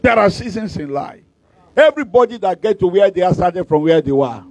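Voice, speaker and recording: A man with a Nigerian accent, a pastor preaching a sermon in an animated storytelling way, joking and breaking into sudden shouts. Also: high voice, a little fast, no echo.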